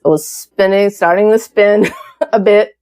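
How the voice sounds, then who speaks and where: A woman's voice: mid-range voice, steady tone, measured pace, darkish tone. A woman around fifty, a podcast guest, telling a personal story in a frank, casual way, with swearing and acted-out quotes.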